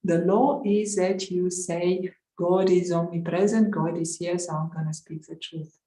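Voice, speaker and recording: A woman's voice: fairly low pitch, fairly even intonation, a little slow, warm tone, reverberant, natural voice, poor audio. A woman voicing a stern, angry male judge who demands an oath and scolds the witness.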